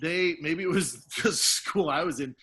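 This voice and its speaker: A man co-hosting a podcast, telling a story in casual chat and acting out the quotes with lively energy. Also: a little high, unhurried, a little hiss or hum. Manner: animated storyteller, acts out quotes. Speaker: podcast co-host; father.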